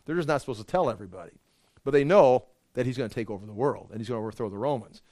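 A man preaching as a pastor, explaining scripture in a conversational, animated way with frequent restarts. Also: medium pitch, racing, no room sound. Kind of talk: Bible study sermon.

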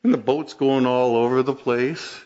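A man's voice: medium pitch, normal speed, highs cut off. A man preaching a sermon, telling stories and asking rhetorical questions. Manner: storytelling, animated, rhetorical questions.

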